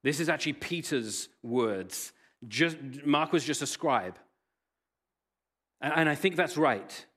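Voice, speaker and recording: Animated male pastor preaching. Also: fairly high pitch, takes it slowly, pauses often. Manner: animated storytelling with wide swings in loudness. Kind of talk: sermon.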